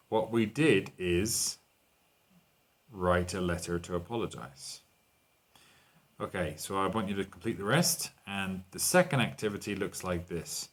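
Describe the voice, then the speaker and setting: A man teaching an online English lesson, walking learners through exercises and translating lines into Spanish. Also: low voice.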